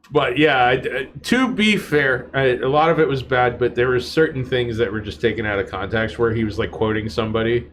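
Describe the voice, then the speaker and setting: A man's voice: medium pitch, steady tone, brisk, hardly any pauses, a bit bright, a little hiss or hum. A man co-hosting a podcast in casual, jokey chat, often laughing and slipping into mocking voices. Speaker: podcast co-host.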